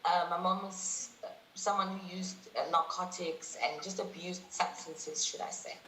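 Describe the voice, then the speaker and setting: A woman in her twenties tells her story as an interview guest, with a bright, forceful voice. She talks with animation, acting out what people said and laughing often. The recording carries a roomy echo and faint background noise. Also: lowish voice, fairly even intonation, moderate pace. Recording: echoey room.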